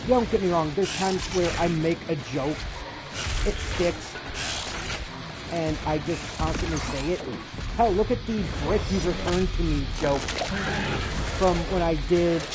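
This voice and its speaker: A streamer giving live let's-play commentary, playful and profane, breaking into loud outbursts while reading game text and reacting to the action. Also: medium pitch, unhurried, long pauses, very noisy. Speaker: streamer playing a video game. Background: game music and sound effects.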